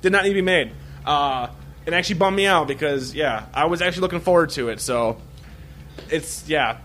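A man in casual podcast chat, reviewing a film in a rambling, excitable way, swearing heavily and full of filler words. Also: on the high side, brisk, slight background noise. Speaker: podcast co-host reviewing a movie.

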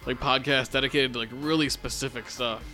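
A young man co-hosting a podcast, chatting in a relaxed, joking way with lots of fillers. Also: medium pitch, a little fast, faint music behind. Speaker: podcast co-host. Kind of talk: casual chat.

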